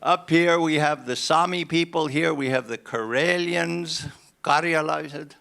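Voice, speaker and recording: A man's voice: fairly high pitch, a little slow, gravelly, sharp tone. An older man from Estonia giving a conference keynote into a handheld microphone. He talks in a conversational, wry way with frequent restarts. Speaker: keynote speaker. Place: conference hall.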